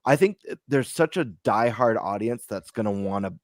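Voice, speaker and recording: A man's voice: fairly low pitch, lively intonation, normal speed, dry recording, studio quality. A man on a casual gaming podcast giving his prediction, hesitant at first with fillers.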